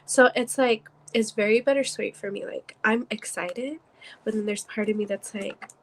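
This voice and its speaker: A woman's voice: mid-range voice, moderate pace, slight background noise, low-quality recording. A woman co-hosting a casual wrestling review podcast from her iPad, chatty and full of fillers. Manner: chatty, lots of fillers, laughs easily. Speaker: podcast co-host. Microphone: iPad on a video call.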